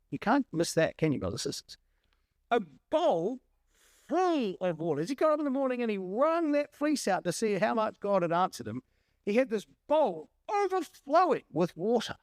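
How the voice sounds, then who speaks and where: A male preacher giving a sermon, animated and full of rhetorical questions. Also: high voice, normal speed, dry recording, studio quality.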